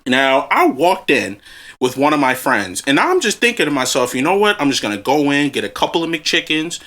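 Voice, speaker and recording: A man's voice: a little high, big pitch swings, fairly quick, a bit bright. A man co-hosting a podcast, telling a profane, angry story and laughing as he goes. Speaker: podcast co-host.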